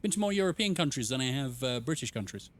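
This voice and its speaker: A man's voice: medium pitch, big pitch swings, quick pace. A man casually commenting while streaming a game, playful and rambling, reading chat aloud.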